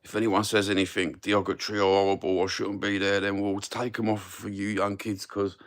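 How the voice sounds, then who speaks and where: A man's voice: fairly low pitch, level tone, fairly quick. An older man with a Cockney London accent hosts a casual live chat and answers viewers in a rambling, friendly way, often saying "mate" and "brother". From England. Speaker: live stream host.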